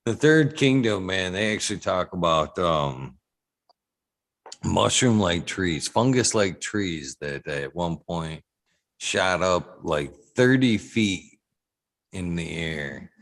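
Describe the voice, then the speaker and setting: A man's voice: low-pitched, animated, takes it slowly, a bit bright. A man hosting a casual podcast chat, laid-back, laughing often and swearing freely.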